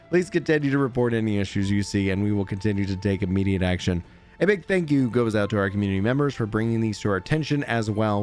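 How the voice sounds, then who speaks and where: A man who makes gaming videos, reading a developer update aloud and then chatting casually about it. He stumbles and restarts often and jokes at his own slips. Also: on the low side. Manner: reads haltingly with slips and restarts, chatty and self-deprecating. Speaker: gaming YouTuber.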